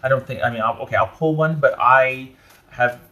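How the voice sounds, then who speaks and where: A man giving a casual tarot reading, talking in a chatty way with animated asides and frequent self-interruptions. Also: mid-range voice, fairly quick. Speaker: tarot reader.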